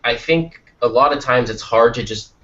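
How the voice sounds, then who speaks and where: Excitable man on a lo-fi podcast. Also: medium pitch. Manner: excitable, quick to exclaim. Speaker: podcast co-host. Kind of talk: casual chat.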